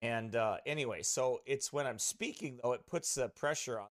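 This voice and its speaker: A man who pastors chats loosely with his online congregation before the service. His talk rambles and keeps restarting itself, in a voice of middling pitch. The sound is close and dry, with no room around it. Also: moderate pace, no room sound. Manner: rambling, chatty, with many restarts. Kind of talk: casual chat with a streaming congregation. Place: at a desk beside his streaming computer. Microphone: streaming mic close at his desk.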